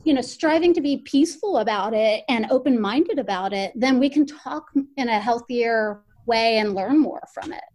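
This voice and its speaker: A woman's voice: fairly high pitch, expressive, normal speed, hardly any pauses, darkish tone. Earnest, reflective woman editor. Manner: earnest and reflective, occasionally stumbling over words. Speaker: newspaper editor. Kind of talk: conversational interview answers.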